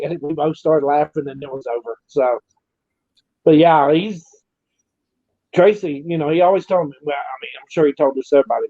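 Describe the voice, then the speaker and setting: A man's voice: fairly high pitch, fairly quick, mellow, no echo. A man, a former pro wrestler, casually telling road stories, swearing and acting out what people said. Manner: profane, acts out quoted dialogue. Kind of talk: casual storytelling. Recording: dry, muffled lo-fi audio.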